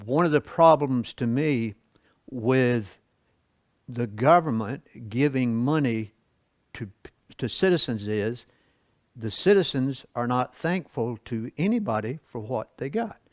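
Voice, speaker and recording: In a church Bible lesson, a man reads scripture and explains it in a folksy, conversational style, chuckling and posing rhetorical questions to the class. His mid-range voice is animated and a little mellow, with a slow pace, and the recording is dry.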